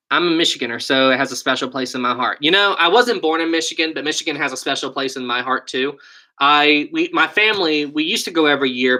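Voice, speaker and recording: Speaking at medium pitch in a pushed, bright tone, this young man with a West Virginia accent runs a laid-back live stream. Into his desk USB microphone he reads out viewer questions, responds chattily and muses aloud.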